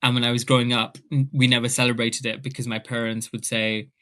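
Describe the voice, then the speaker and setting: A man, an author being interviewed, telling personal stories in a lively, animated way. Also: mid-range voice, fast. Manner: animated, acts out family members' voices. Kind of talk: casual storytelling in an interview.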